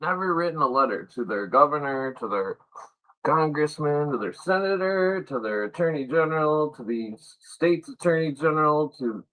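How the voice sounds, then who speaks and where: Stream host, man, fairly high voice, sarcastic and profane. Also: expressive, normal speed, fairly bright tone, poor audio. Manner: angry, sarcastic, heavy swearing. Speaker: livestream host. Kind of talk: profane political rant.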